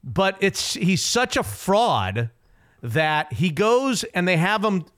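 A man hosting a sports radio show, talking in an opinionated, emphatic, rapid way. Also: sits high, big pitch swings, a bit bright. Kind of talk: casual sports talk.

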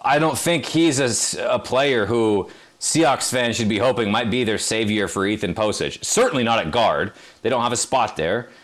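A man's voice: mid-range voice, normal speed. A man co-hosting a sports podcast, talking in long rambling runs with playful asides. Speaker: podcast co-host. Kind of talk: casual sports chat.

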